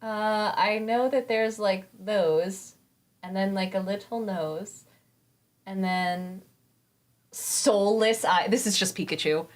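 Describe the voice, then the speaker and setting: A woman's voice: mid-range voice, slow pace. A woman streaming a game, chatting casually with her viewers and swearing freely.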